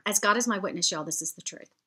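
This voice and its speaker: A woman's voice: medium pitch, fast, background noise. A woman, chatting to camera as she tells a heartfelt story. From United States. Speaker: vlogger.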